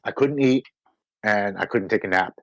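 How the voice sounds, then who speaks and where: A man telling his personal recovery story as a podcast guest, earnest and slowing down on heavy moments. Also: lowish voice, dry recording, lo-fi sound.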